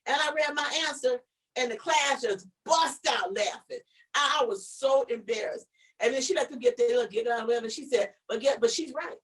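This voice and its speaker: A woman co-hosting a casual live-stream chat, telling a story in an animated way, with many restarts and repeated words. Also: a little high, brisk, recorded from a distance, rough recording. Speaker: show co-host.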